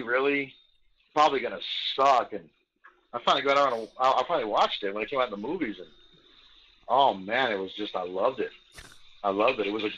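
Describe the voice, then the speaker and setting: A man's voice: medium pitch, fairly bright tone. A man co-hosting a podcast, chatting casually and rambling through strong opinions. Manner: rambling, opinionated, does mock impressions. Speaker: podcast co-host. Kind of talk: casual chat. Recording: dull lo-fi sound.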